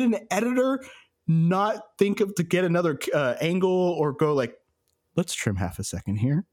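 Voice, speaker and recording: A man co-hosting a podcast, telling stories in a relaxed way and laughing often. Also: a little high, moderate pace. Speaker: podcast co-host. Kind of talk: casual chat.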